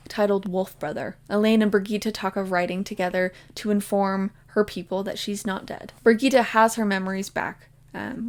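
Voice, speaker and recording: A woman talking through a book she loves, with a steady middle-pitched voice that often slips into a gravelly fry. She retells the plot casually and sprinkles in "like" and "basically". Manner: emotionally invested in the story. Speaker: book vlogger. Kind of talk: casual spoken book summary.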